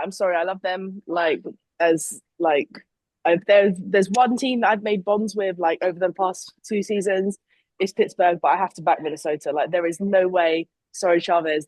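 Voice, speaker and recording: A woman's voice: lowish voice, a little mellow, no echo, poor audio. A young woman, co-hosting a casual sports podcast and telling stories with lots of fillers and apologies. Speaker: podcast co-host and flag football player. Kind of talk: casual chat.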